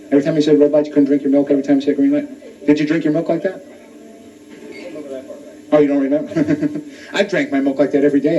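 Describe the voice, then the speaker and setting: A man's voice: on the high side, dark tone. Stand-up man heard from afar. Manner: crowd work, quick punchlines. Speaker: stand-up comedian. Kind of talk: stand-up comedy routine. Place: comedy club stage. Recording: distant lo-fi club recording. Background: audience laughter.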